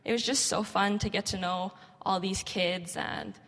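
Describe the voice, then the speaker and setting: A woman's voice: medium pitch, steady tone, a little slow, fairly bright tone. A young woman shares stories from volunteering at a kids' camp in a casual, rambling way, dropping "like" into nearly every phrase. Her voice sits in the middle of the usual range. The sound carries a long reverb, as if she is speaking in a large hall. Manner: chatty, lots of "like" fillers. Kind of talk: casual storytelling talk.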